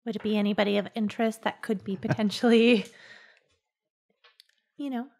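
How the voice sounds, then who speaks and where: A woman playing a tabletop game, playful and full of quick asides. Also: medium pitch, fairly even intonation, a little mellow. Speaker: player. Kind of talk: tabletop role-play in character.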